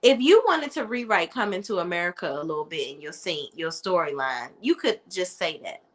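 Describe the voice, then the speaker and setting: A young adult woman giving a casual, opinionated TV review in an animated, sassy manner, talking straight to her viewers. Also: lowish voice, fairly quick. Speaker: TV show reviewer.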